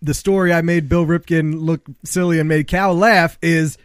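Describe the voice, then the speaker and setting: A man adds quick, dry jokes to a sports chat. His voice runs a little high. The sound is close and dry, with no room around it. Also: fairly even intonation, clean tone, no echo. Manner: dry quips and short laughs.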